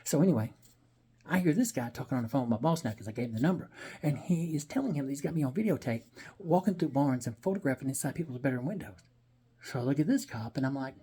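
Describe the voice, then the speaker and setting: Fast-talking husky man. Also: medium pitch. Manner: animated, blunt and profane, rambling asides. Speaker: vlogger telling a personal story. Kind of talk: casual storytelling monologue.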